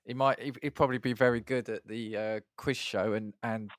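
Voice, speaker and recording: A man's voice: mid-range voice, steady tone, fairly quick. A man hosting a podcast, chatting casually and steering the conversation back on track. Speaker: podcast host. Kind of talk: casual chat.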